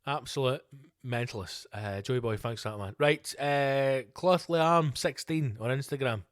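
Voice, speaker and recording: A Scottish man rants on his own podcast, swearing freely and slipping into jokey voices. His voice sits at an ordinary middle pitch. The sound is dry and close, with no room echo. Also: normal speed. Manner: sweary, animated ranting with comic put-on voices. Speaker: podcast host. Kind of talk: ranting solo podcast.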